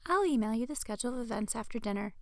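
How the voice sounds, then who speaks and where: A woman voicing a cheerful, upbeat mother of a teenage girl, speaking brightly and teasingly. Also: a little high, lively intonation, racing, no echo, clean studio sound.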